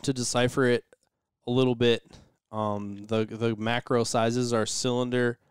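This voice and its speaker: A man's voice: mid-range voice, little pitch movement, a little slow, smooth, no echo, clean studio sound. A man as a podcast guest in casual chat, explaining step by step and murmuring agreement.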